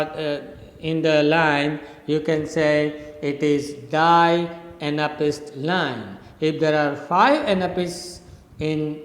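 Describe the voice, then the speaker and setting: A middle-aged man from India lectures very slowly and deliberately, repeating and spelling out words for his students. His voice sits a little high for a man. The room rings with a long, echoing reverb. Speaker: English literature professor. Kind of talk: recorded lecture.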